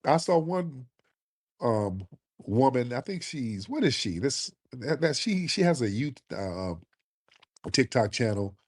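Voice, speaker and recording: A man's voice: medium pitch, very animated, takes it slowly. A man giving indignant online commentary, firing rhetorical questions at viewers.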